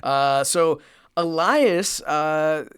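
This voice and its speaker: A man's voice: on the high side, drawn-out words, a bit bright, clean tone, no room sound, clean studio sound. A young man co-hosting a podcast in casual chat, who laughs often and rambles with plenty of fillers. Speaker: podcast co-host.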